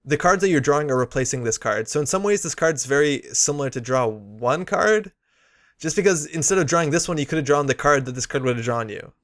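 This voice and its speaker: A man with a somewhat high, slightly bright voice unboxes and reviews game cards, offering chatty, opinionated commentary sprinkled with frequent fillers.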